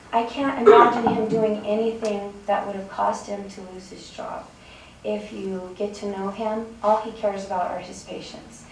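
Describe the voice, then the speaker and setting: A woman's voice: mid-range voice, a little mellow, a little hiss or hum. A young woman speaking emotionally and earnestly during public comment at a city council meeting. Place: council chamber. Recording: roomy distant council-chamber recording.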